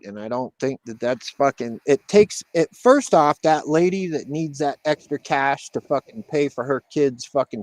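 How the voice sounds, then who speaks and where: A man in a casual group chat who tells stories with heavy swearing and an animated, worked-up delivery. He is a regular co-host. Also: medium pitch, no room sound. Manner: profane, animated storyteller.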